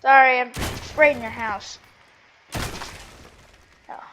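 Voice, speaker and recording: A woman narrating her own gameplay in a casual, reactive way, muttering to herself between sudden excited outbursts. Her voice sits on the high side. Clear game noise runs underneath her. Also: slow, lo-fi sound. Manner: reactive, talks to herself, bursts of excited yelling. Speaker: gameplay streamer.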